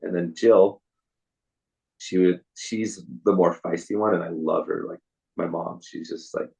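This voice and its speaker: A young man as a podcast guest, telling his story in a soft, halting way with many restarts. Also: sits low, fairly even intonation, creaky, slightly rough, rough recording. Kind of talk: casual interview storytelling.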